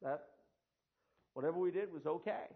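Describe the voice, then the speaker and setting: An older man delivers a history lecture, slipping in sardonic, dry remarks. His voice sits a bit high and has a gravelly edge. The recording sounds thin and tinny, like a phone line. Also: normal speed. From United States. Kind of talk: lecture to an audience.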